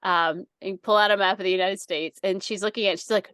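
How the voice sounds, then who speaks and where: A woman's voice: mid-range voice, normal speed, fairly bright tone, clear, resonant tone, no echo, studio quality. A woman co-hosting a podcast, telling a long story in a casual, rambling way, laughing often and using many fillers. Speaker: podcast co-host.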